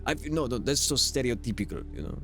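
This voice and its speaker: A man streaming a game, talking to chat in a quick, jokey, chatty way. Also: medium pitch, big pitch swings, fairly bright tone, faint music behind. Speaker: gaming streamer. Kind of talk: live game commentary.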